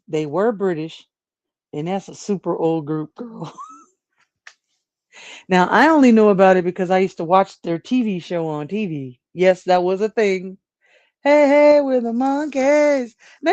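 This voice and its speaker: A woman's voice: mid-range voice, a little mellow, dry recording, lo-fi sound. A woman hosting a casual livestream, rambling about everyday topics, laughing often and chatting with viewers. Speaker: livestream host.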